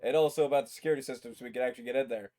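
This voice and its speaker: A man's voice: mid-range voice, fairly even intonation, very fast, warm tone, a little hiss or hum. A man co-hosting a casual chat, animatedly retelling a story, swearing and acting out quotes. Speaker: podcast co-host.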